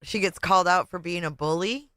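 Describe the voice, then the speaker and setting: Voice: mid-range voice, a little fast, bright, forceful tone, no echo, clean studio sound. A livestream commentator reacting to a played clip with sarcastic, heckling asides.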